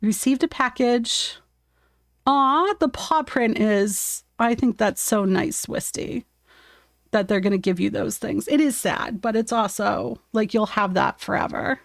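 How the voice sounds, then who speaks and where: Slow-talking, high-voiced woman streamer. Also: gravelly, no room sound, clean studio sound. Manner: chatty, talks to her cat and her viewers, laughs often. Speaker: art streamer. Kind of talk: casual live-stream chat while painting. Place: home desk.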